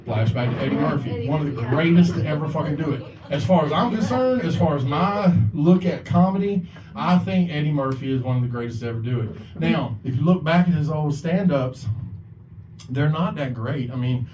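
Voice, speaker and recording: A man's voice: fairly high pitch, a little mellow, slight background noise. Man, stand-up comedian, open mic host, profane, rambling, muffled lo-fi live recording, faint room ambience. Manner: profane, rambling, swears a lot; acts out quoted voices. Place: bar or club stage. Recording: echoey, lo-fi, from far off.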